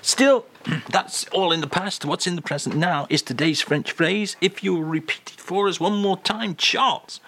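A man's voice: sits high, moderate pace, sharp tone. A man hosting a radio show, bantering dryly and playfully in a casual way. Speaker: radio host.

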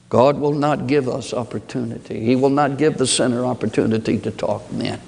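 A man preaching a sermon, moving between low, measured reflection and high, pleading rhetorical questions. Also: fairly even intonation, vocal fry, a little mellow. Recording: long hall reverb.

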